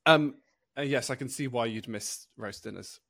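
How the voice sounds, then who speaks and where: A man's voice: medium pitch, moderate pace, gravelly, a bit bright, no room sound. A young man from the UK co-hosting a podcast in casual chat, rambling with lots of fillers and restarts. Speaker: podcast co-host.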